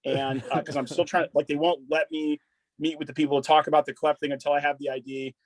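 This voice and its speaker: A man in his thirties with a voice pitched a bit high, talking in a dry, close room. He tells war and college stories in a loose, profane, rambling way, with plenty of "dude" and "like". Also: level tone, fast, dry recording, rough recording. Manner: loose and profane, full of "dude" and "like", restarts a lot. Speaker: podcast guest, army veteran. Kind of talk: casual conversational storytelling.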